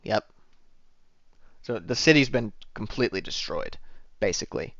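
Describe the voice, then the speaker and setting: A man's voice: fairly low pitch, expressive, normal speed, fairly bright tone, no room sound, lo-fi sound. A man narrating as dungeon master in a casual, rambling way with many fillers. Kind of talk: narrating a tabletop game.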